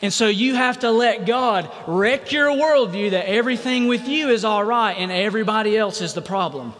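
High-voiced man preaching in a hall. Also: expressive, normal speed, a bit bright. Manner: preaching with call-and-response to the congregation. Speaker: pastor. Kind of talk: sermon. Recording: reverberant hall sound.

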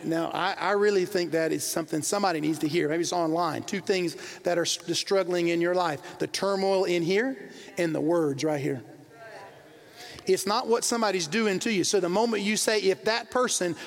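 A pastor preaching a sermon in a church, rising into impassioned loud bursts and dropping into self-deprecating asides about his marriage. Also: high-pitched, creaky, in a large hall.

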